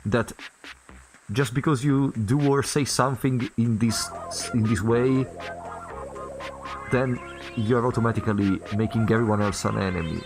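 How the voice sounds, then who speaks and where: A man's voice: measured pace, long pauses. A man giving casual, hesitant commentary while he plays and reads a story game, with game music behind. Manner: low-key, hesitant, reads the game's lines aloud. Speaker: gamer playing a story game.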